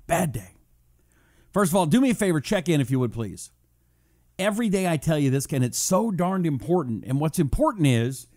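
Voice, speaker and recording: A man's voice: fairly high pitch, a little mellow. Breezy jokey male talk-radio host. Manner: jokey, breezy, quick asides. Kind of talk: live talk show, reading viewer check-ins.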